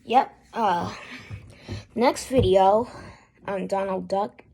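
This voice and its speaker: A woman hosting a casual spoken tutorial, talking haltingly with fillers and restarts. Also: mid-range voice, creaky, warm tone, slightly rough. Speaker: YouTube voice tutorial host.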